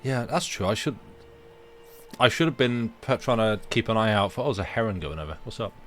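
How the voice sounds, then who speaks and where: A man's voice: fairly low pitch, fairly quick, fairly bright tone, faint music behind. A man co-hosting a live game stream, rambling casually with lots of hesitant ums.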